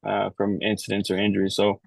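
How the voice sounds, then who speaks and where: A man's voice: fairly low pitch, monotone, fast, creaky, darkish tone, no echo, poor audio. A man from Texas, speaking earnestly as a first-time attendee of an online roundtable and repeating words as he thinks. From Texas, United States. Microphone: video call.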